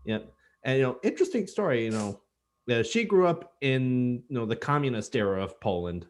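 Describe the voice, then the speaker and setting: A man co-hosting a podcast in casual chat, dropping dry, deadpan asides and rambling explanations full of fillers. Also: mid-range voice, a little fast. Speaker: podcast co-host.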